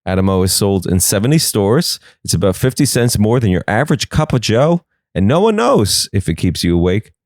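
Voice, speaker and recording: A man's voice: lowish voice, big pitch swings, fairly quick, hardly any pauses, no echo, studio quality. A young man hosting a comedy podcast, riffing sarcastically on the news and slipping into silly voices.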